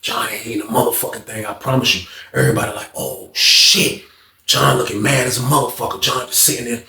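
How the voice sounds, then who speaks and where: A man casually telling a story, profane and animated, acting out voices and sound effects, in a roomy-sounding recording. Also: mid-range voice, quick pace, vocal fry. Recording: roomy echo.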